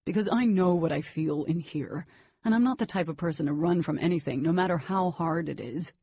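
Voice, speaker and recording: A woman narrator voicing an intense, stubborn teenage boy who talks in a forceful, insistent way. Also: fairly low pitch, fairly quick, highs cut off, a little hiss or hum, natural voice.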